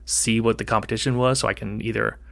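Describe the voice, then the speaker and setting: Bright, animated man in casual podcast chat, rambling storyteller. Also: fairly low pitch, fast talker, creaky. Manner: rambling, animated, acts out quoted dialogue. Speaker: podcast co-host.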